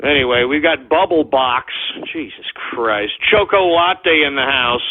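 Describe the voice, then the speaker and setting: A man's voice: medium pitch, measured pace, narrow, tinny audio. A man hosting an internet radio show, ranting agitatedly and cursing at trolls. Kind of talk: live call-in style radio rant.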